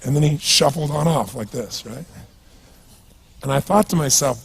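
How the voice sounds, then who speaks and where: A man from the United States giving an energetic seminar talk as a motivational speaker and putting questions to his audience. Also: on the high side, moderate pace, gravelly, husky.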